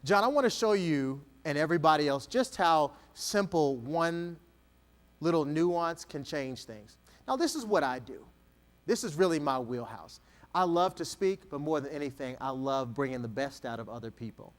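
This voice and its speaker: Energetic man speaking on stage. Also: fairly high pitch, moderate pace. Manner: energetic, coaxing a volunteer. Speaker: keynote speaker. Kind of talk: interactive stage talk. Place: stage before an audience.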